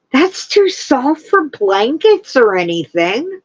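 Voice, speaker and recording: A woman hosting a casual livestream, chatting and gushing with excitement. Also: a little high, takes it slowly, dull audio. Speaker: livestream host. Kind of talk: casual chat.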